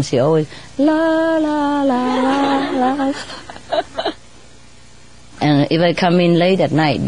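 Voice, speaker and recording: A woman chatting casually in non-native English, laughing often and sometimes mimicking birds in a squeaky voice. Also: dark tone. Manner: laughs often between phrases; imitates birds in high squeaky voice. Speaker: bird keeper telling stories. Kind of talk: casual storytelling.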